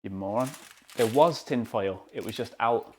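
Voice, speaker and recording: A man's voice: mid-range voice, moderate pace, noisy background. A young British man streaming live from his home kitchen, chatting casually and joking at his own expense while he bakes. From United Kingdom. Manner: chatty, joking, self-deprecating.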